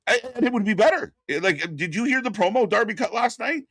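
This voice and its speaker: A man's voice: sits high, animated, quick pace, fairly bright tone, dry recording, studio quality. A man hosting a casual wrestling talk show, ranting bluntly with plenty of swearing. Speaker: wrestling commentary host. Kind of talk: casual podcast chat.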